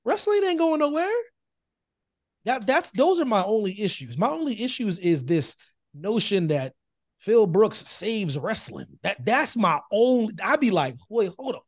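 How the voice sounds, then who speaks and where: A man's voice: high-pitched, sing-song, a little slow, no room sound, clean studio sound. A man co-hosting a podcast in casual chat, emphatic and repeating phrases to hold the floor. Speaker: podcast co-host.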